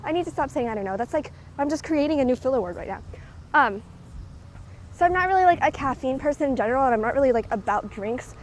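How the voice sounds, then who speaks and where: This young woman talks fast and animatedly in a high voice, rambling through a walking vlog full of fillers while slightly out of breath outdoors. The audio is poor, with a bit of hiss or hum, captured by a handheld recorder and clip mic.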